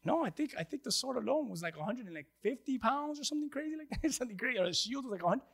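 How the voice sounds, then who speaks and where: A pastor preaching to his congregation, swinging between loud emphatic lines and hushed passages. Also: very high voice, animated, very fast, gravelly, breathy edge. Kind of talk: sermon.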